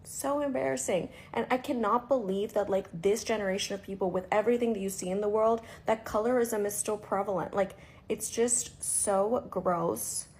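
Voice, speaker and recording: Woman from hyderabad venting on camera, casual storytime, lots of likes, mid pitch. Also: normal speed, few pauses, darkish tone, slight background noise. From Hyderabad, India. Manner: exasperated, talks with lots of "like" fillers.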